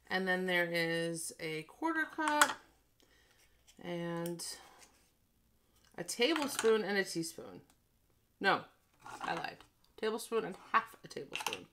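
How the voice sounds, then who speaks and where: A woman's voice: mid-range voice, background noise. A tired woman chatting casually as she reviews a haul, ranting and making self-deprecating asides. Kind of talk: casual chat.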